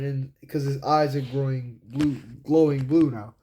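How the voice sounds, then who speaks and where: A man's voice: medium pitch, a little slow, dark tone. A man casually walking through a comic he made, rambling and stringing scenes together with "and then". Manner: rambling, repeats "and then" a lot. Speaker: comic creator. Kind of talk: casual storytelling walkthrough.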